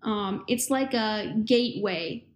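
A woman's voice: medium pitch, takes it slowly, reverberant. A young woman casually explaining a text in a playful, chatty way. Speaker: student presenter.

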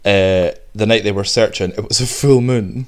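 Lower-pitched man, rambling storyteller. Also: normal speed. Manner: animated, rambling storyteller with restarts. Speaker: podcast host. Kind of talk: casual chat.

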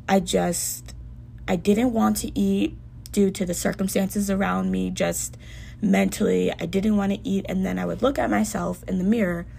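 A woman's voice: medium pitch, creaky, slightly rough. A young woman hosting a podcast, speaking earnestly and emotionally in a personal monologue. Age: young adult. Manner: earnest, heartfelt self-talk with soft dips. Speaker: podcast host.

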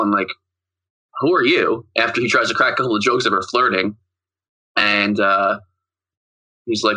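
A man's voice: on the low side, a little slow, long pauses, bright, forceful tone, poor audio. A man co-hosting a podcast, casually recapping a film and retelling its scenes in a rambling way. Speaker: podcast co-host. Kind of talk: casual movie recap chat.

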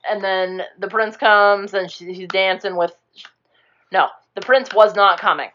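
A young woman tells a movie's plot in a loose, rambling way, swearing casually and slipping into quick voices for the characters. Her voice sits in an ordinary middle register. The recording sounds a bit muffled and dull. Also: medium pitch, steady tone, fairly bright tone. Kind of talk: casual chat retelling a movie.

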